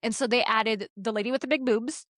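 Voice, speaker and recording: A woman co-hosting a podcast with a fairly high voice, chatting in an animated, rambling way full of filler words. She is sick at the time. The sound is dry and close to the mic. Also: brisk, no echo. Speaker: podcast co-host. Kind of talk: casual chat.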